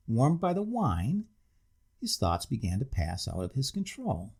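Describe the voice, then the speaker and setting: A man reading a ghost story aloud in an expressive, measured way. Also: medium pitch, gravelly, breathy edge. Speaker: narrator. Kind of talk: scripted ghost-story narration.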